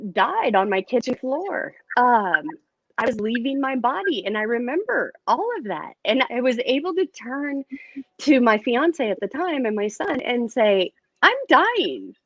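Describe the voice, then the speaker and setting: A woman speaking as an interview guest and metaphysician, telling her story in a candid, expressive way. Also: fairly high pitch, measured pace, no room sound, dull audio. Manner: candid and expressive, lively retelling.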